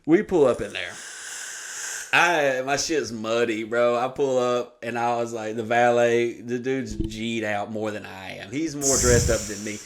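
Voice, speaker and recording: At a measured pace, a man with a mid-range voice tells a funny story on a podcast. He curses freely and animatedly acts out the voices of the story's characters.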